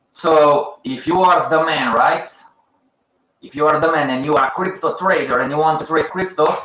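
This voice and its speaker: A man's voice: fairly high pitch, a bit bright, roomy sound, rough recording. A man with as a hosting a live teaching session, talking to his audience in short, emphatic, repeated phrases and chiding them. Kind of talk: casual live-stream teaching.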